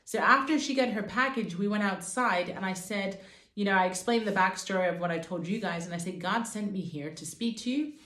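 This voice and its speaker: A woman's voice: medium pitch, a little fast, fairly bright tone. A woman telling a personal faith testimony to her viewers in an earnest, fervent way. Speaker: Christian vlogger. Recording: roomy echo.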